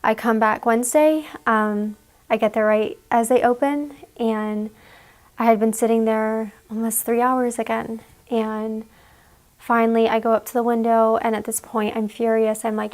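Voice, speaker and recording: A young woman giving an emotional personal account in an interview, halting and full of "like"s. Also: on the high side, level tone, darkish tone. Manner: halting, fillers, many "like"s.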